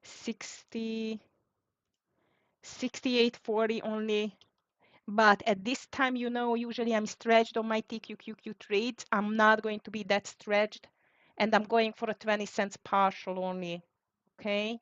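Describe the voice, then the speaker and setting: A woman hosts a live trading stream, thinking aloud as she calls out prices and frets over the market. Her voice sits on the high side, level and measured, and the recording is dry and dull lo-fi with no room sound.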